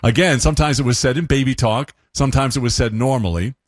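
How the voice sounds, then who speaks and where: A man hosting a scripted radio segment in a lively, playful way, his voice a little husky. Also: medium pitch, fast, no echo, studio quality. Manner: lively, playful, laughs at his own imitations. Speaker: radio host.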